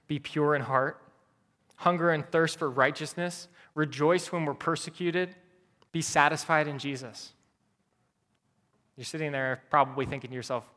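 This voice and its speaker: A man's voice: mid-range voice, fairly bright tone. A man preaching a sermon as pastor, earnest and repeating key phrases for emphasis. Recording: long hall reverb.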